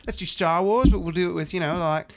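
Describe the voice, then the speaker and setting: A man putting on a rambling male film director with a New Zealand accent, pitching a movie in halting bursts. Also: gravelly, crowd noise.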